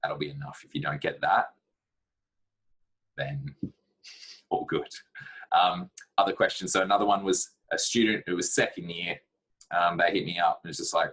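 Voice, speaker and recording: A man's voice: sits low, moderate pace, long pauses, fairly bright tone, husky, low-quality recording. A man giving blunt, practical career advice in a casual talk to camera, with plenty of fillers.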